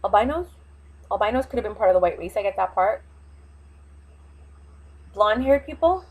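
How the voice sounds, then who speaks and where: A woman's voice: medium pitch, expressive, normal speed, a little mellow, breathy edge, rough recording. A woman vlogger, talking in an impassioned, rambling casual monologue with emphatic, fiery opinions.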